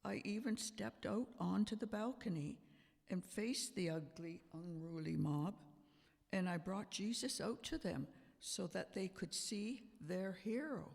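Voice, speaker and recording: With a high, expressive voice full of vocal fry, a man heavily acts the part of Pontius Pilate, a Roman governor on the defensive at the witness stand. The amateur church drama unfolds slowly and emphatically in a sanctuary with long reverb.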